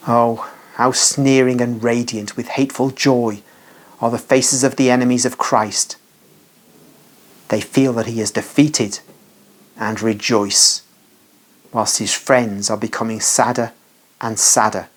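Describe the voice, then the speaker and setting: A narrator reading a devotional vision text in a measured, solemn way. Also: mid-range voice, fairly even intonation.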